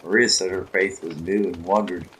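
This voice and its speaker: A man narrating a religious story in a measured, solemn reading with occasional slips. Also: deep voice, fairly even intonation, a bit bright, a little hiss or hum, rough recording. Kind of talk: scripted audiobook narration.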